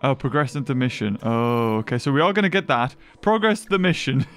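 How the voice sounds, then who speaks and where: A young man giving chatty, excitable gameplay commentary and thinking aloud as he plays. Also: mid-range voice, fast talker, clear, resonant tone. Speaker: gaming video host.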